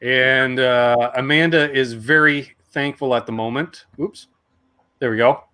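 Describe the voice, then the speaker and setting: A relaxed man in his forties hosts a laid-back livestream chat. He reads viewer comments aloud and chats between them, his voice sitting at an everyday middle pitch. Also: measured pace, clean tone. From Canada. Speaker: host.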